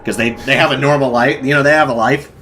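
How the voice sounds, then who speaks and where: A man's voice: medium pitch, fairly even intonation, quick pace, sharp tone, faint music behind. Rambling, profane young man in casual chat. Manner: profane, rambling storyteller, mock-ranting in bursts. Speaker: podcast co-host.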